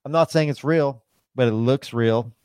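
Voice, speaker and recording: A man's voice: medium pitch, moderate pace, a little mellow, clean tone, no room sound. A man in casual podcast chat, rambling and swearing constantly, with lots of "like" and "dude".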